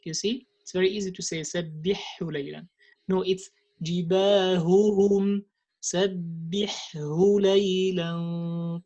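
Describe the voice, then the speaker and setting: Woman, Tajweed teacher, slightly low voice, unhurried, hesitant explanations with careful sound demonstrations. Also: muffled recording. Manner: slow deliberate demonstrations, frequent hesitations and restarts. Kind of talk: recorded lesson explaining Quranic pronunciation.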